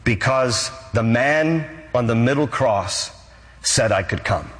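A man's voice: mid-range voice, lively intonation, slow, fairly bright tone, in a large hall, voice pushed down. A male pastor voicing a bewildered thief who has just arrived in heaven, speaking plainly in a story told in a sermon. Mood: earnest. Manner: baffled, plain-spoken.

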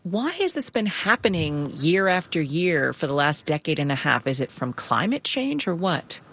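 A woman hosting a radio news program, reading and interviewing in a clear, composed way. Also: deep voice, sing-song, moderate pace, fairly bright tone. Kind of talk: news presenting.

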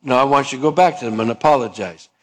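A man's voice: mid-range voice, fast talker, big-room sound, close to an everyday voice. A man voicing a defensive grown man who refuses to apologize, protesting in a whiny way. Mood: indignant.

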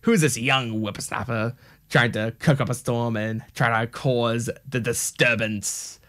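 A man voicing a scheming old evil emperor in a slow, sneering, menacing voice. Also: mid-range voice, fairly even intonation, fairly bright tone, close to an everyday voice.

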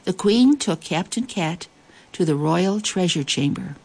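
Woman, children's story narrator, slightly low voice, lively and expressive with playful asides. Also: measured pace, breathy edge.

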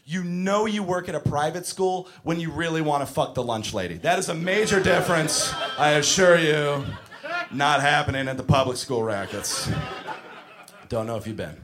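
A man doing a stand-up comedy set, telling profane, animated stories about teaching preschool. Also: on the high side, moderate pace, a crowd in the background.

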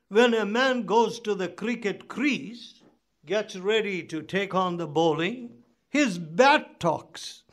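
A man's voice: sits high, a bit bright. A man preaching a sermon, reading scripture and asking the listeners pointed rhetorical questions. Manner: emphatic, rhetorical questions, reads scripture aloud.

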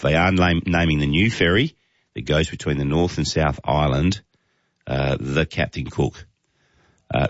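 A man's voice: very deep voice, no echo, dull audio. A man with an Australian accent hosting casual talkback radio, chatting and reading out listener texts with chuckles. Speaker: talk radio host.

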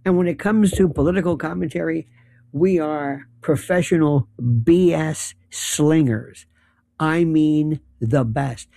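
A male political commentator with a gravelly, dark tone. He rambles and runs through long lists of issues with sarcastic asides. The recording sounds dry and close. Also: on the high side, dry recording. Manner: rambling, sarcastic, list-driven.

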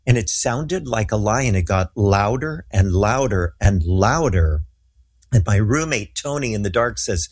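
Low husky man telling a story. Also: measured pace. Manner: earnest, animated storyteller. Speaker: guest minister. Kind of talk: storytelling in a talk show interview.

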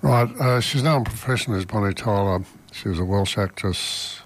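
A man's voice: on the low side, normal speed. A man hosting community radio in casual chat, rambling and self-deprecating, stumbling over his words. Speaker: radio host.

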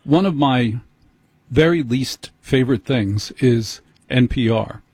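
A male host speaks in a conversational, opinionated way, his voice slightly husky. The sound is dry and close, with little room around it. He shifts easily between introducing his guest and giving his own view. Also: medium pitch, takes it slowly, a little mellow, no room sound. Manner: opinionated, mimics others for effect. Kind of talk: conversational commentary and interview.

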